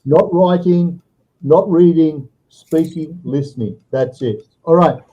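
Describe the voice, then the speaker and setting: A man's voice: fairly high pitch, slow pace, mellow, husky, muffled recording. A man tutoring a student over a video call, giving step-by-step advice and checking in with "all right" often. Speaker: online English tutor.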